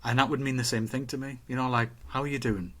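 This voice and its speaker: A man co-hosting a relaxed podcast, talking in a reflective, rambling way. He questions himself aloud and restarts his sentences often. His voice sits at an ordinary middle pitch. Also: fast. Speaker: podcast co-host. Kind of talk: casual chat.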